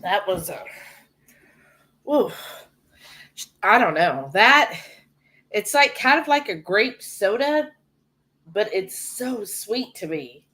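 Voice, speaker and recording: A woman's voice: mid-range voice, very animated, takes it slowly, long pauses, bright, forceful tone. A woman co-hosting a live cooking stream, chatting and reading viewer comments aloud. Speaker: cooking show co-host.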